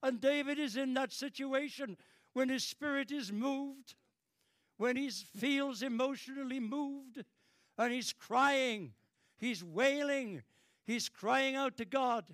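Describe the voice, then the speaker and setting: A man's voice: takes it slowly, a bit bright, no room sound, studio quality. An older British man preaching a fervent sermon, repeating phrases and swelling in emotion. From Britain. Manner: fervent, repetitive, dramatic rises in pitch and volume.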